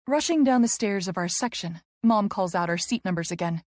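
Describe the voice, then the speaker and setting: A woman's voice: mid-range voice, expressive, brisk, darkish tone, no room sound, studio quality. A woman narrating a first-person romance audiobook with emotional, breathless storytelling.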